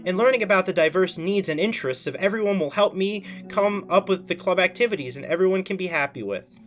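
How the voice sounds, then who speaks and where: A man's voice: sits high, fast talker, a bit bright, soft background music. A man reading the lines of a cheerful teenage club president aloud from a visual novel, plainly and with small stumbles. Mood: reassuring.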